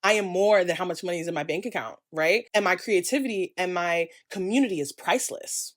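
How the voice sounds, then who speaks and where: A woman's voice: lowish voice, brisk. A young woman from the United States giving a candid, passionate talking-head vlog, ranting with emphatic asides. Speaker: creator and vlogger.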